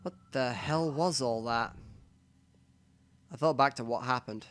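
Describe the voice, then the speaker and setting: A man's voice: medium pitch, unhurried. Man reading a visual novel aloud. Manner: reads narration aloud with quiet asides. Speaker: let's play narrator.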